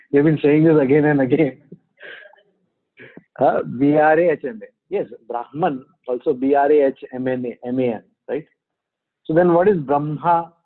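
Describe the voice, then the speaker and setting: A man's voice: on the high side, slightly rough. A man teaching a Sanskrit class on a video call, patiently sounding out letters and quizzing his students. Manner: patient, repeats sounds slowly, asks students questions. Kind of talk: online class, explaining pronunciation. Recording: phone-like narrow band.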